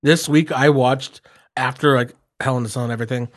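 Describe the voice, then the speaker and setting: Mid voice podcast dude, hyped up, cusses a lot telling stuff. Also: male voice, mid-range voice, brisk. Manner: excited, profane storytelling. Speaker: podcast co-host. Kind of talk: casual chat.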